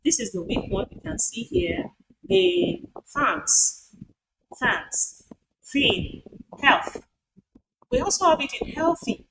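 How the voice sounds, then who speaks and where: Nigerian woman lecturer, fairly high voice that jumps around a lot, noisy recording. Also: sing-song, takes it slowly, vocal fry, pauses often. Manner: drills words aloud, asks rhetorical questions. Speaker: university lecturer.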